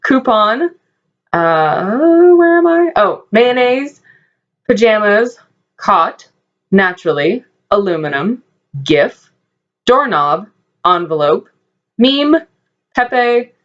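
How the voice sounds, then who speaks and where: Lively-voiced giggly woman co-host, casual vlog, dull lo-fi sound. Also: mid-range voice, slow, pauses often. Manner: giggly, playful. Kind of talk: casual chat, reading a word list. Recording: dull lo-fi audio.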